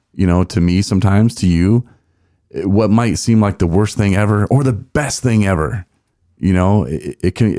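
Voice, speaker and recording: A man's voice: sits low, creaky, mellow, no room sound, studio quality. A man hosting a podcast, telling a story in a rambling, folksy way with many fillers. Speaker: podcast host. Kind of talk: casual storytelling chat.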